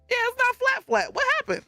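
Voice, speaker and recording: A woman's voice: very high-pitched, bright, forceful tone, dry recording. A woman streaming live and reading chat messages aloud, talking in a casual way and laughing often.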